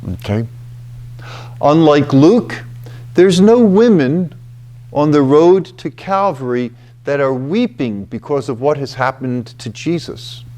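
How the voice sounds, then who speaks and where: Slow, deliberate man giving a scripture talk. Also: fairly high pitch, animated, warm tone. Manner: deliberate, emphatic, with frequent "okay" and "you know". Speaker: retreat house presenter.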